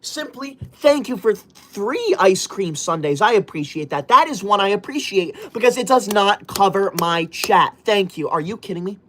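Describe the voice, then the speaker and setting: A man livestreams as a strict teacher, reading viewer comments aloud loudly, indignantly and bossily. His high-pitched voice is animated, at normal speed with few pauses.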